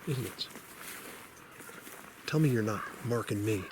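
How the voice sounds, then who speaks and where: A man with a medium-pitched voice at normal speed records a casual walking vlog outdoors in a forest. Rambling and defiant, he laughs at his own digs and gets winded at times, and the camera audio picks up plenty of outdoor noise.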